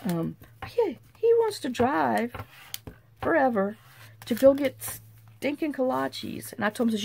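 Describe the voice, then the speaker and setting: Middle-aged woman, crafting tutorial host, gravelly fry in the voice, faint hiss behind. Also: high voice, lively intonation, a little slow. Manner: rambling, folksy and self-mocking.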